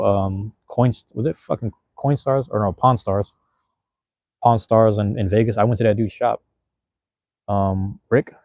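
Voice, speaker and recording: The same kind of casual home livestream: a man in his twenties reads comments and chats with viewers, rambling and swearing in slang. His voice is on the low side, with no room sound and a lo-fi quality.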